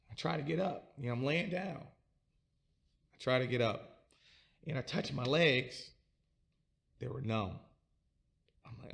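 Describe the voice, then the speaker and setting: Gravelly man telling his story haltingly. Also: medium pitch. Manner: halting, repeats and restarts words. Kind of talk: personal storytelling.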